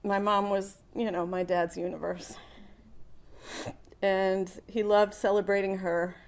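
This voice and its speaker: A woman's voice: mid-range voice, little pitch movement, unhurried. A middle-aged woman, a daughter, giving a eulogy at a funeral service, speaking fondly and often laughing between memories.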